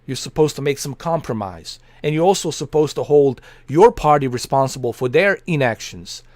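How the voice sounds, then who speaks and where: A man's voice: mid-range voice, animated, moderate pace, no room sound. Earnest middle-aged man ranting on stream. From Bosnia. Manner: emphatic, repetitive, earnest. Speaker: livestream host. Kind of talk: impassioned political rant on a livestream.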